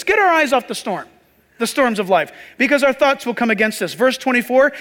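Male pastor, very high voice, chatty sermon, long hall reverb. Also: expressive, fairly quick, fairly bright tone. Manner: conversational, joking asides to the congregation.

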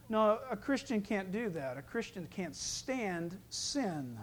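Man, middle-aged, pastor, sermon, animated pitch, playful storytelling. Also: slow pace, hardly any pauses. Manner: lively, joking preacher who acts out voices.

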